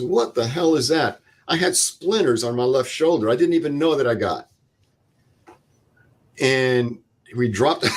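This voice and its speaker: Older guy telling a war story step by step, quotes everyone, medium pitch. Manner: vivid step-by-step retelling with quoted dialogue. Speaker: veteran guest. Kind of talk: interview storytelling.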